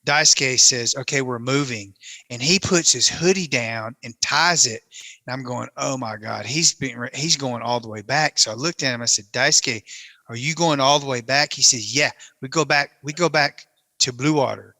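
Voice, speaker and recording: A man telling a story as a guest on a casual podcast, animated and breaking into laughter often. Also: medium pitch, moderate pace, no echo.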